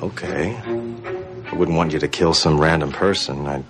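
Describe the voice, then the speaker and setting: An actor playing a sarcastic, cold-blooded male assassin who mocks his target in a dry, calm tone. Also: rumbling low, music in the background. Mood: sardonic. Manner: dry, mocking, slow and calm.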